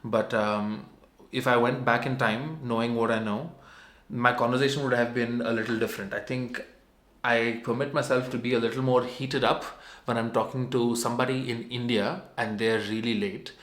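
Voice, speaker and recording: A man's voice: medium pitch, fairly even intonation, normal speed, fairly bright tone. A young adult man telling a personal story as a vlogger, in a meandering, conversational and self-mocking way. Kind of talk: casual storytelling. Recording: roomy echo.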